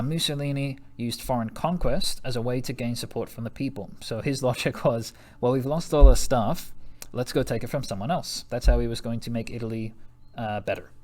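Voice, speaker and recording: Casting: young American man, history teacher, casual and jokey, mid-pitched, laughs a lot. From United States. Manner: jokey, chatty, laughs often, slangy asides. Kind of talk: recorded classroom lesson.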